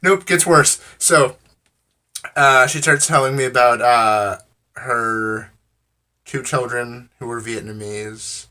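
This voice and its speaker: A man's voice: medium pitch, steady tone, slow pace, bright, forceful tone. An American man rambling through a casual story to camera, with a wry, amused manner. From United States. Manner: rambling, full of "I'm like" and fillers.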